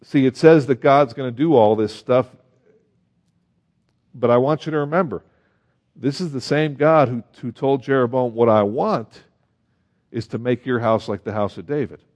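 A man preaching a sermon as pastor, animated and asking his listeners rhetorical questions while reading scripture aloud. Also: mid-range voice, normal speed, pauses often. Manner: reads scripture aloud in old-fashioned wording. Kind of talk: sermon Bible teaching.

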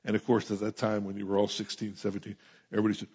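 Husky man preaching, lo-fi sound. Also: fairly low pitch, completely flat delivery, racing, a little mellow. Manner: conversational preaching, rising emphasis, asides and chuckles. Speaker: pastor. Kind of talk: sermon. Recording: muffled lo-fi sound.

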